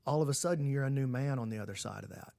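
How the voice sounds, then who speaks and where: A man with a gravelly, mid-pitched voice, speaking as a podcast guest. He talks earnestly and with some fire about the sport he loves. The sound is close and dry. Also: rapid-fire, mellow, dry recording. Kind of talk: casual chat.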